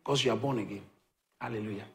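A man's voice: lowish voice, quick pace, gravelly. A man preaching a sermon to a congregation, often repeating phrases and asking the listeners whether they follow him. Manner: rhetorical questions to the congregation, repeats phrases for emphasis.

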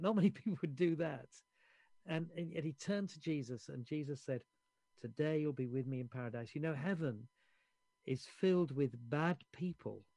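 Guy preaching, kinda high voice, tells the stories and does the voices, trips over his words a bit. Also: dark tone, no echo. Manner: storytelling, acting out quoted voices, chuckling asides; conversational, often restarting and repeating words. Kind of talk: sermon.

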